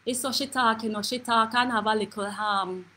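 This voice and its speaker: A woman with a Jamaican accent playing a brash, gossipy auntie, telling stories in a lively comic monologue with quick asides. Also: fairly high pitch, poor audio. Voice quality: animated patois storytelling, quick asides. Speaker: comedy character host. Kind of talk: live comedic monologue.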